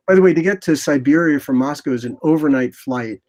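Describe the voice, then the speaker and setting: A man in his sixties, a photographer guest in an interview, telling rambling, animated anecdotes and acting out what people said. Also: fairly high pitch, a little fast. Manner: animated, rambling anecdotes with lively quoted asides. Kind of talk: casual interview storytelling.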